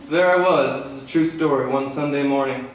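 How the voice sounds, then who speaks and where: A man from Manitoba telling a story between songs at a live concert, with laid-back, deadpan humor. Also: medium pitch, fairly quick, a little hiss or hum. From Manitoba, Canada. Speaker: singer-songwriter. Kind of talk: stage banter storytelling at a concert. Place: theater stage, live. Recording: echoey theater from far off with faint guitar.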